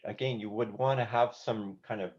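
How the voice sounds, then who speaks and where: A man's voice: on the low side, steady tone, moderate pace, darkish tone, highs cut off. A man leading a songwriting workshop who talks through lyric lines and sings short melodic examples, humming rhythms with nonsense syllables. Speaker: songwriting teacher. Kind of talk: workshop teaching.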